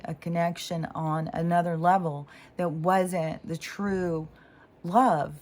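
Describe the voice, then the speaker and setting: Speaking from a home near Washington State's mountains, this woman has a lowish voice with a somewhat dark tone. She's a spiritual vlogger, and her relaxed monologue wanders as she interrupts herself mid-story.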